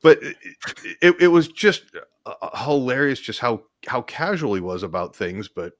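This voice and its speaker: A man's voice: medium pitch, very animated, moderate pace, dry recording, clean studio sound. A man co-hosting a casual video-call chat, telling stories with many restarts. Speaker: co-host.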